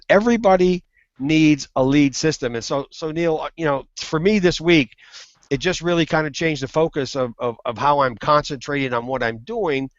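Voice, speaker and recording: A man on a video call telling a funny story in a lively, animated way. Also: a little high, no echo, lo-fi sound. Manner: animated storyteller, laughs at own jokes. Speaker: guest. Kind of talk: casual storytelling.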